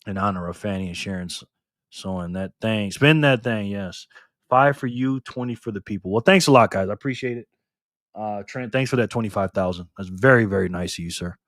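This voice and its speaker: A man hosting a casual live stream, reading the chat aloud with excitement and frequent laughter. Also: fairly low pitch, fairly quick, no room sound, clean studio sound.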